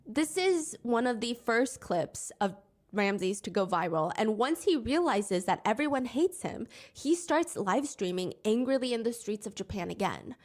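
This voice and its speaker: A woman's voice: a little high, animated, moderate pace. Wry woman narrating storytime commentary. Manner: reenacts quotes in a raised, mocking voice; conversational, wry asides. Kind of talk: storytime commentary with quoted clips.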